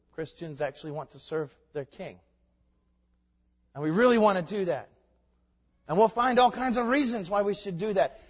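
A man with a fairly high voice preaches a sermon, dropping to quiet conversational asides and then building to loud, emphatic climaxes. His voice rings out with a long reverb trail. The sound is dull and lo-fi. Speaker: pastor.

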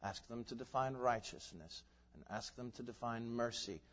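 A pastor preaching a sermon, shifting from quiet conversational asides to loud, emphatic, building climaxes. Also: male voice, medium pitch, normal speed. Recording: long reverb, dull lo-fi sound.

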